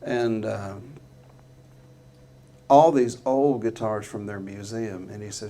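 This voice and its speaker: A middle-aged man telling an earnest, folksy story to a live audience in a guitar showroom, halting often with fillers. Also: on the low side, steady tone, dark tone, a little hiss or hum.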